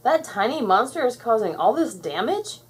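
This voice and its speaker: Woman playing a hot-headed tough little girl hero, shouting, brash, husky, lively pitch. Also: moderate pace, full character voice.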